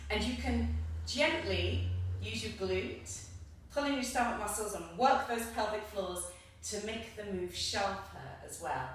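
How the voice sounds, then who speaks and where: A woman's voice: medium pitch, measured pace. A woman teaching belly dance, upbeat and encouraging, counting out the beats as she demonstrates. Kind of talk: instructional dance tutorial. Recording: very echoey room, voice from a distance.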